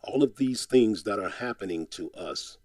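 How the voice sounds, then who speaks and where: Man with a low, dry voice. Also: lively intonation, normal speed, darkish tone, no echo. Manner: rhythmic, insistent delivery with a repeated refrain; impassioned, exhorting tone. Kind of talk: spoken-word poem recital.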